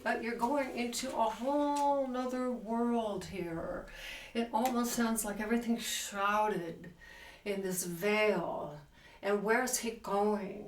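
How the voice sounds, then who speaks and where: A woman teaching a piano piece, counting beats and singing phrases aloud with enthusiasm. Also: medium pitch. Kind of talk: piano tutorial talk. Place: room with a piano. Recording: roomy sound from a distant mic, with loud piano. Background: piano playing.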